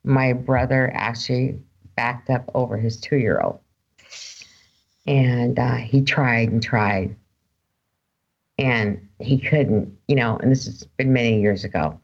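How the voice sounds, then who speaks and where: A radio host with a very low voice talks slowly and softly, moved by her guest's story. The sound is dull and lo-fi. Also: vocal fry. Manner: slow, soft-spoken, emotional. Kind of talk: radio interview. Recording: dull lo-fi broadcast audio.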